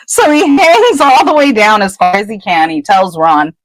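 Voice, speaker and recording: A woman's voice: medium pitch, sing-song, moderate pace, hardly any pauses, poor audio. A woman podcast co-host casually retelling a book chapter, chatty, acting out the characters' lines. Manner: chatty storyteller, acts out quotes.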